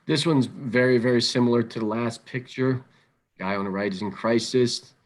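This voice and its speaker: A middle-aged man presenting an instructional webinar, calm and measured, often repeating words as he thinks aloud. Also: mid-range voice. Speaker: webinar presenter on crisis intervention.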